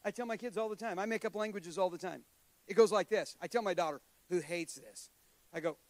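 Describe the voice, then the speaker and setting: High-voiced man preaching with jokes. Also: brisk, dry recording. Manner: humorous, conversational, self-deprecating asides. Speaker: guest preacher. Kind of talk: sermon.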